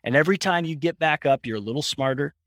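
Animated male storyteller, dry sound. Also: on the high side, fast talker, no room sound. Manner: animated storyteller, acts out voices in anecdotes, laughs often. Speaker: founder and guest. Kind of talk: conversational interview storytelling.

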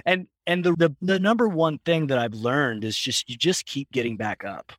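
Animated male storyteller, dry sound. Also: fairly high pitch, normal speed, dry recording. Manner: animated storyteller, acts out voices in anecdotes, laughs often. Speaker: founder and guest. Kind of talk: conversational interview storytelling.

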